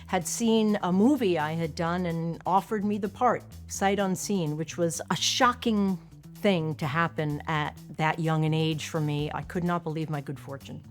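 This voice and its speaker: A woman's voice: fairly low pitch, measured pace, faint music behind. A woman from Long Island, an actress speaking candidly and conversationally in an interview, with a self-deprecating manner, on a close mic. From Long Island, New York. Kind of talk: casual interview reflection.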